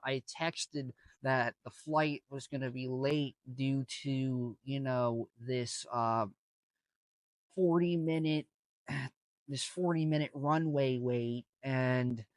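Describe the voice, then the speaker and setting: A man's voice: medium pitch, clear, resonant tone, dry recording. A young man casually telling a story, rambling with lots of fillers and restarts. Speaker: vlogger.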